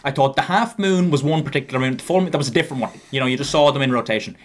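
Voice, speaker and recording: A man's voice: mid-range voice, very fast. A young Irish man in his twenties co-hosting a podcast, chatting casually and joking, calling his listeners "lads". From Ireland. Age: 20s. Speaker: podcast co-host. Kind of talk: casual chat.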